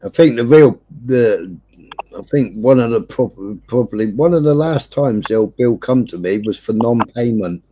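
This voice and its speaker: A man from England chats on his livestream, telling a story in a casual, profane way. He keeps switching into the voices of the people he quotes. His voice sits at an ordinary middle pitch. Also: measured pace, husky. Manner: sweary, lively, acts out quoted voices. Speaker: livestream host.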